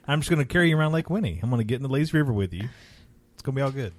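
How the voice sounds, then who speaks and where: A man's voice: mid-range voice, expressive, very fast, no room sound. A man on a podcast, chatting casually and teasing a friend in a playful way. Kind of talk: casual chat.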